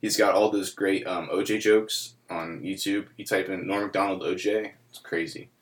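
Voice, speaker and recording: A man with a fairly low voice telling a long-winded joke in relaxed podcast banter. He rambles with plenty of fillers and laughs at his own punchlines. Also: normal speed. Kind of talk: casual joke-telling chat.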